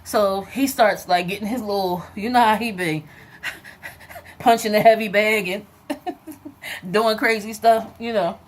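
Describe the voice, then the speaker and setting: A woman giving a casual, animated recap of a TV episode, full of "like" and "whatever" and bursts of acted-out lines. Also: mid-range voice, slow, pauses often, a little hiss or hum. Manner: chatty and animated, acts out characters' lines; frequent fillers like "like" and "whatever". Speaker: TV episode reviewer.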